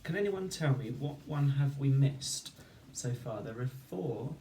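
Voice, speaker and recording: A male teacher giving a patient phonics lesson, slowly sounding out each word and syllable. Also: mid-range voice, animated, warm tone. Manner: slow, patient, sounding out words. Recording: roomy, distant mic with faint noise.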